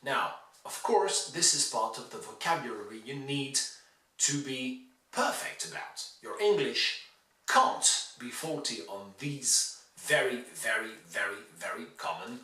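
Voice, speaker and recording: A man teaching English pronunciation, slowly contrasting wrong and right sounds and reading out historical excerpts. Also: medium pitch, animated, sharp tone, roomy sound, distant mic, poor audio. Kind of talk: pronunciation lesson with read excerpts.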